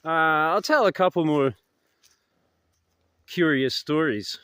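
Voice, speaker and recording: A man telling stories in a casual vlog, rambling and hesitant, his voice trailing off softly at the ends of thoughts, recorded outdoors in woods. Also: on the high side, takes it slowly, clean tone, no room sound. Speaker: vlogger. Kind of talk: casual anecdotal storytelling.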